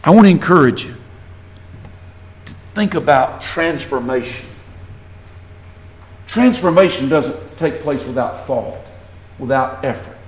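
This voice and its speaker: A Southern US pastor preaches earnestly in a medium-pitched, expressive voice, speaking a little slowly with frequent pauses and building to emphasis as he reads scripture. The sound is reverberant.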